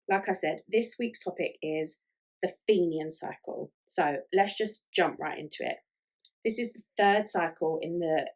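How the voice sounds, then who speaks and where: A woman's voice: deep voice, gravelly, a little mellow. A woman hosting a casual solo podcast, chatty and full of fillers like "um" and "like". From Ireland. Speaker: podcast host.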